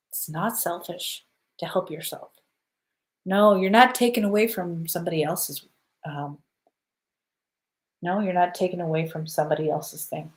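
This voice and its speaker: Low-voiced woman guiding a breathing ritual. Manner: soothing, repeats "okay?" to check in. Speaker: spiritual live-stream host. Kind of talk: casual guided spiritual talk.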